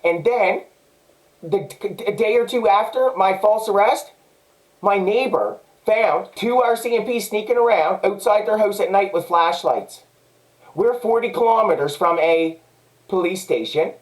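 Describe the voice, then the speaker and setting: A Canadian man talks in an angry personal monologue. His voice sits high, and he keeps circling back to the same points. He swears often, sounding agitated throughout. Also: measured pace, poor audio. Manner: agitated, repetitive, profane. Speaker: vlogger.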